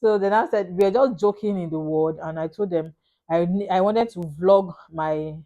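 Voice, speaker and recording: A young Nigerian woman with a Nigerian accent, telling her own story in an animated, dramatic way in a casual vlog. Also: on the low side, normal speed, lo-fi sound. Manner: animated, dramatic retelling with Pidgin and Yoruba asides. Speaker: vlogger.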